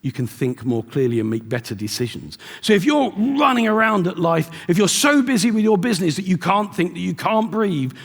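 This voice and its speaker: Gravelly middle-aged male keynote speaker, storyteller, recorded live in a reverberant hall. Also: high-pitched, lively intonation, brisk, few pauses. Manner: storytelling with acted-out dialogue. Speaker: motivational speaker. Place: large event hall.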